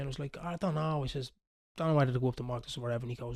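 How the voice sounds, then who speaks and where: A man in his thirties with a Dublin Irish accent, telling a football story in casual chat on a podcast, animated and swearing freely. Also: mid-range voice, racing. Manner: animated, swearing, quoting others. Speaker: podcast host.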